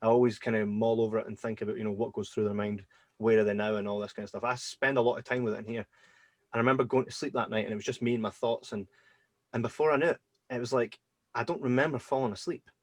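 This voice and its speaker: A man hosting a podcast, telling personal stories in a casual, animated way and acting out his own reactions. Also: mid-range voice, fast, dry recording. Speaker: podcast host. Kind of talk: casual storytelling chat.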